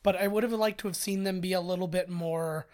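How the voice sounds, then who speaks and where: A man's voice: sits high, fairly even intonation, a little fast, crowd noise. A man co-hosting a casual movie commentary podcast, rambling with fillers as he shares film trivia. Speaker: podcast co-host.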